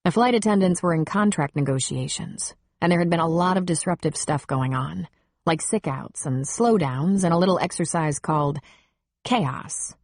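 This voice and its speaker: Low-voiced woman narrating an audiobook. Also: normal speed, a little mellow, no room sound, studio quality.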